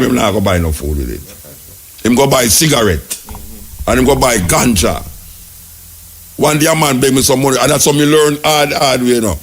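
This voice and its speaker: A Jamaican man hosts a radio call-in show, winding through stories in patois. His voice is gravelly and husky, and he talks at a middle pitch. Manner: rambling patois storytelling with acted quotes. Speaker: radio talk show host. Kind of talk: casual storytelling and call-in chat.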